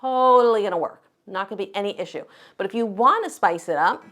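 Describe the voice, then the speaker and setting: Woman guitar teacher, encouraging, steady mid pitch, loud acoustic guitar under her voice. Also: quick pace. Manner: encouraging, explains step by step while counting beats. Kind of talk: friendly guitar lesson. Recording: guitar music behind the voice. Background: her own acoustic guitar playing.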